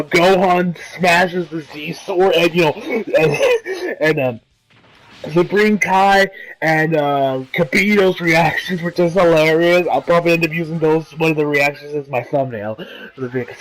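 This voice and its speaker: A slightly high-voiced man talks through an anime episode in a loose, rambling recap. He fills it with "you know" and "um" and laughs often. He slips into quick impressions of the characters as he goes. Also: expressive, background noise. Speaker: anime reviewer.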